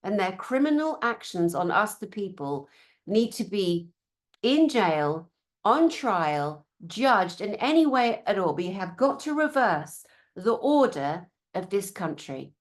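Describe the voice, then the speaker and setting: A woman's voice: medium pitch, slow. A woman from Britain with a British accent, giving a conference talk. She is blunt, sarcastic and swears freely, and she mocks officials in put-on voices. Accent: British English. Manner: animated, sarcastic, mimics officials in mocking voices. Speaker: conference speaker.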